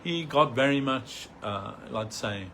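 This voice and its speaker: A man's voice: medium pitch, lively intonation, slow, vocal fry, a bit bright, a little hiss or hum. An older man giving a rambling, anecdotal remembrance talk as a devotee speaker at a temple festival, with many fillers, restarts and chuckles.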